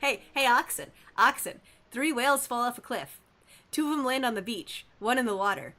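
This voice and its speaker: A woman streaming a game live, chatting casually and playfully with her viewers and reacting loudly to their messages. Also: on the high side, brisk. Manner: animated, playful, reacting to chat.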